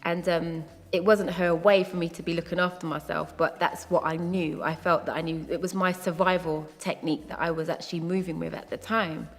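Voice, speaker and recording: A woman's voice: on the low side, level tone, brisk, hardly any pauses. Woman telling her story in a reverberant room. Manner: reflective, laughs often, quotes people in put-on voices. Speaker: host and singer-songwriter. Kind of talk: personal storytelling. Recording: long reverb with faint music behind. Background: faint background music.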